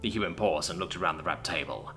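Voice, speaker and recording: A man narrating a science fiction story in an expressive, scripted storytelling manner. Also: sits low, quick pace, faint music behind.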